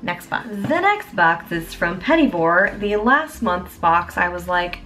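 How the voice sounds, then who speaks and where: A young woman chatting casually as a beauty vlogger, bubbly and quick to exclaim. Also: fairly low pitch, lively intonation. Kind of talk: casual chat.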